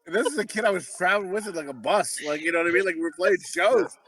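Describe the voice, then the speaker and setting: A man's voice: high voice, expressive, quick pace, gravelly, fairly bright tone, no room sound. A man co-hosting a podcast, telling rambling, profane stories in casual chat. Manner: rambling, profane, laughing storyteller. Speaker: podcast co-host.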